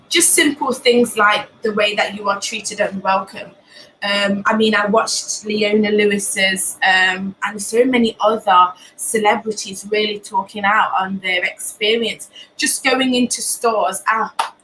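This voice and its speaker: Young woman, bright clear voice, earnest and halting, live stream from home, faint background noise. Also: mid-range voice, poor audio. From Britain. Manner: earnest, many ums and restarts. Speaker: host of a live talk show. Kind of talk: candid personal talk.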